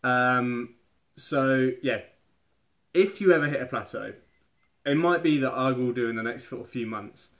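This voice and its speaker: A young Englishman talking straight to camera about his workouts. His delivery is loose and conversational, and he keeps doubling back to fix a word mid-sentence. His voice sits at a middling pitch for a man. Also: measured pace, long pauses, fairly bright tone. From England. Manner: chatty, rambling, often restarts mid-phrase. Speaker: fitness vlogger. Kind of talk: casual advice talk to camera.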